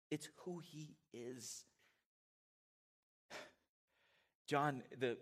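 A middle-aged man preaching a sermon in a church, animated and conversational, with asides to his congregation. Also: mid-range voice. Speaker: pastor. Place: church sanctuary.

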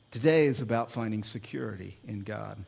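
A middle-aged man preaching a sermon as pastor, moving from hushed prayer to loud, animated storytelling. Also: lowish voice, creaky, slightly rough.

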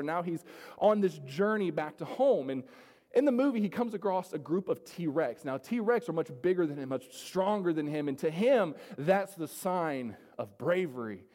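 A male pastor with a notably high voice delivers an earnest sermon, repeating key phrases and calling out to his congregation. His words ring out in a church sanctuary with a long, trailing reverb. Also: a little mellow. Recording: long reverb of a large hall.

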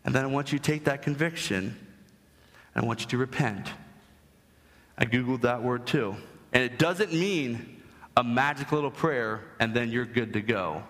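A man's voice: mid-range voice, normal speed, pauses often, fairly bright tone. A young adult man preaching a sermon as pastor, emphatic and rising to strong stress on key points. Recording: long hall reverb.

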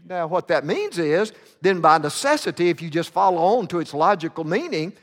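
A man's voice: high-pitched, animated, moderate pace. A man preaching a sermon, telling a story dramatically and often stumbling over fillers and restarts. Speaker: pastor. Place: church sanctuary. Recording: long reverb of a church sanctuary.

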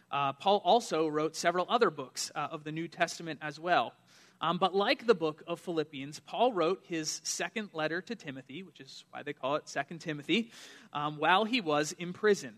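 A man's voice: high-pitched, pushed and bright. A young adult man, a pastor, giving a sermon in an earnest, conversational way with frequent fillers.

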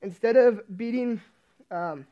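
A young man with a high voice preaches in a relaxed, chatty way, stumbling and restarting as he tells a story about himself. The recording sounds dull and lo-fi. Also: slow. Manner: chatty, self-deprecating storytelling with many restarts. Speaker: youth pastor. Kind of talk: casual sermon with personal story.

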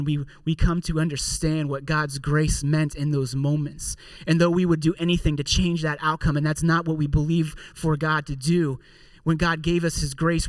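Higher-voiced man preaching a sermon. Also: dry recording, recorded from a distance. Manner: conversational preaching with joking asides. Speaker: pastor.

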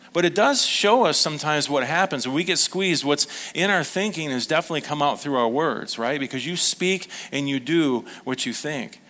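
A man's voice: mid-range voice, fairly bright tone. A man in his fifties, a pastor preaching to a congregation in a conversational storytelling way, often asking the listeners questions. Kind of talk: sermon.

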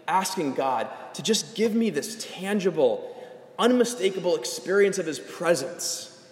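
A young adult man preaching a sermon as a pastor, animated and rising to emphatic calls. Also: a little high. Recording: echoey hall.

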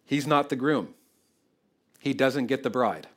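A man preaching an expository sermon in an animated, conversational way, often checking in with the congregation. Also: medium pitch, measured pace. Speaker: pastor.

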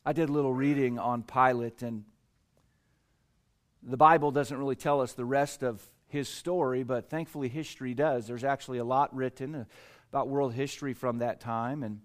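A man preaching a sermon, building to emphatic swells with dramatic pauses and acting out voices in his stories. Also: mid-range voice, fairly even intonation. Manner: acts out quoted voices in a storytelling joke. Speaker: pastor.

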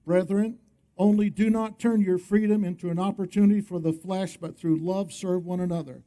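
A man's voice: high-pitched, fairly even intonation, normal speed, mellow. A male pastor preaching a sermon, emphatic, often calling on the congregation to respond.

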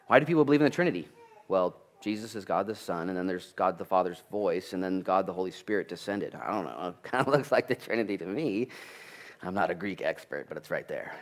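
A male pastor preaching a sermon in an animated, conversational way, with jokes, asides and sudden loud bursts. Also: lowish voice. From United States.

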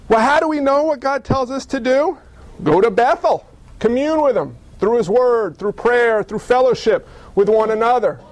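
A man's voice: very high-pitched, no echo, rough recording. A man preaching a sermon as pastor, conversational and emphatic, with playful asides.

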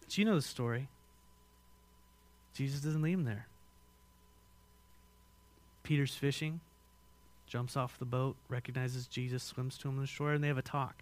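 A man with an American accent preaching a sermon as pastor, swinging between loud emphatic lines and hushed ones and asking the congregation questions. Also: mid-range voice, steady tone, moderate pace, long pauses. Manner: asks the congregation direct questions.

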